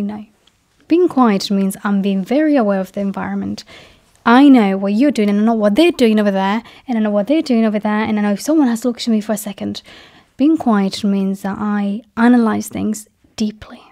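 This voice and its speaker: This vlogger, medium in pitch, shares a personal monologue with her viewers in a soft voice. She often slips into a breathy half-whisper and slowly, deliberately stresses the words that matter.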